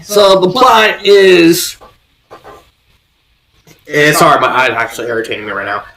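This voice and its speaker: A man's voice: a little high, unhurried, bright, forceful tone, low-quality recording. A man casually reviewing a fanfiction story, rambling and giggling as he goes, with bursts of put-on voices.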